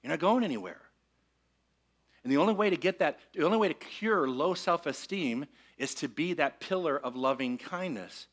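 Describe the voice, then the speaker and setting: A man's voice: on the high side, animated, normal speed. A man minister giving a conversational sermon to a congregation, asking them to repeat lines with him. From Michigan. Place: church sanctuary with congregation.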